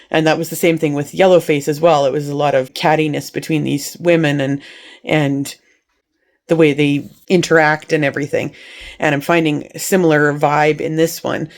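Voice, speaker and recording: A woman's voice: deep voice, a little mellow. A woman chatting about books in a casual vlog from her living room, rambling and hesitant with many restarts. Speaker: book vlogger. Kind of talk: casual chat.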